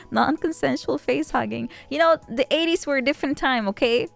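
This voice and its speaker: A woman's voice: sits high, lively intonation, vocal fry, faint music behind. Chatty, laughing woman streamer. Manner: rambling, joking, quick to laugh. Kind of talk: casual chat.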